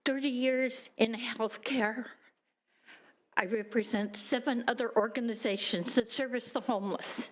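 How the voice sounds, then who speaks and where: A middle-aged woman with a healthcare background, giving measured, emphatic public testimony as a housing advocate. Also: on the high side, steady tone. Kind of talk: brief public testimony at a hearing.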